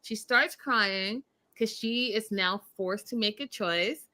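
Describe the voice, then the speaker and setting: A woman hosting a casual recap of a reality show, animated and talking straight to her viewers. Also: mid-range voice, slow. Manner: animated, addresses viewers directly. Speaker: show host.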